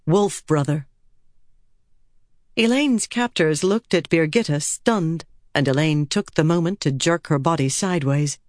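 A woman narrating an audiobook chapter in a measured, steady way. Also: low voice. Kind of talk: scripted narration.

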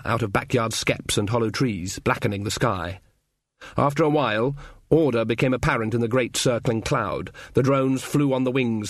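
A man narrating a fantasy audiobook in a measured, even storytelling manner, recorded close. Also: medium pitch, no room sound. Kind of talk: scripted narration.

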